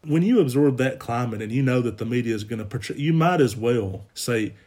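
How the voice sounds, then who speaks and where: A man from Alabama giving a casual political rant, animated and sarcastic. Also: mid-range voice, a little fast. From Alabama, USA. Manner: animated, sarcastic, mocks others in quoted voices.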